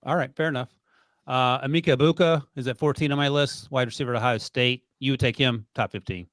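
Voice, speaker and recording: A man hosting a sports podcast, leading the chat with quick, teasing back-and-forth. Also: medium pitch, steady tone, a bit bright, no room sound. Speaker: podcast host.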